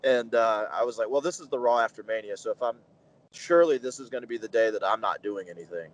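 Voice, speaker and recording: Interview guest, man in his 30s, lowish voice, lively storyteller who acts out quotes. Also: quick pace, rough recording. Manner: animated anecdotes, acts out quoted dialogue, many fillers. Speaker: pro wrestler, interview guest.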